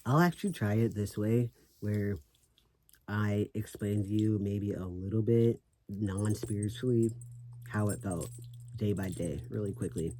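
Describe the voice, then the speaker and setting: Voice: deep voice, a little slow, dark tone. A vlogger talking casually to camera in a sassy, brash, profane way, laughing often, with speech slurred by a swollen tongue. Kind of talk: casual vlog talk.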